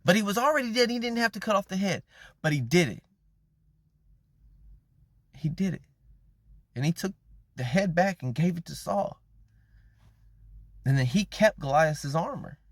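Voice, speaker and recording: A man's voice: high-pitched, animated, moderate pace, pauses often, dry recording. A man giving a casual, slangy sermon, retelling a Bible story and acting out the characters' lines. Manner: conversational, slangy, acts out quoted characters. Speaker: preacher.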